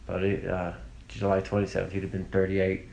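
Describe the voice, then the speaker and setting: A man's voice: deep voice, monotone, brisk, gravelly, a little mellow, a little hiss or hum. A man speaking as an interview guest, recalling family memories in a rambling, casual way full of fillers and restarts. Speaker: interview guest, victim's brother. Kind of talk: casual, emotional recollection.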